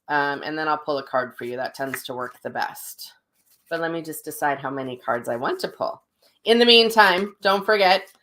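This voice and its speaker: A middle-aged woman hosts a casual livestream as a psychic medium. Her voice is on the low side with a fairly bright tone. She tells stories chattily, with many ums and restarts.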